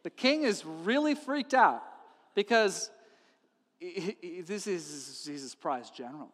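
A man's voice: high voice, unhurried, in a large hall. A man preaching a sermon, telling a story with humor and acting out its characters. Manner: animated, acts out characters with funny voices. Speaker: pastor.

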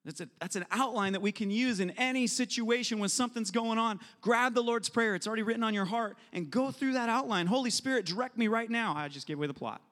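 A man preaches with a high, ringing voice, acting out prayers and little voices as he teaches. His words hang in a long hall reverb, as in a large church. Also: quick pace, hardly any pauses, a bit bright. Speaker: pastor. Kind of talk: sermon.

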